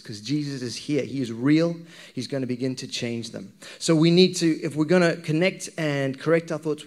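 A man's voice: mid-range voice, a little mellow. A man preaching a sermon to his congregation, talking in a candid, conversational way and often checking in with the listeners. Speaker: pastor.

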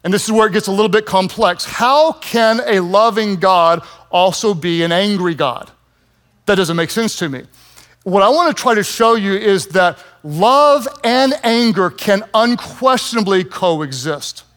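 A man in his fifties preaching a sermon, telling stories with lively, self-mocking humor. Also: high voice, normal speed. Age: 50s. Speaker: pastor.

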